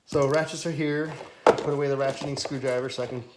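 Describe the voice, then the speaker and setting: A man's voice: mid-range voice, steady tone, fast talker, heavy background noise. Cussing mechanic guy rambling thru his shop, goes off on rants, bro talk. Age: adult with children. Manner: profane, ranting, casual bro talk. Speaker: auto mechanic and shop owner. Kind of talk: unscripted workshop tour. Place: his repair shop workshop.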